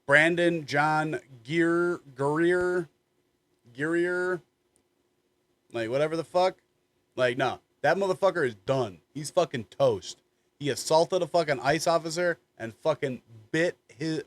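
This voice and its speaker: A man's voice: a little high, dry recording. A man co-hosting a reaction commentary show, talking bluntly with constant swearing. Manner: blunt and profane.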